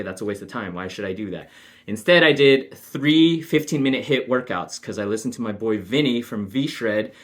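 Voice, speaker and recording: A man vlogging casually to camera, animated and jokey, swinging between hyped outbursts and low asides.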